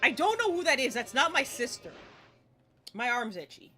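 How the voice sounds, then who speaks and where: A lively woman of about forty talks through a live game stream from a home green-screen setup. Her voice sits a bit high and sounds bright and sharp, and her pitch jumps around a lot as she laughs, swears and yelps. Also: moderate pace, faint music behind. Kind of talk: live gameplay stream chat.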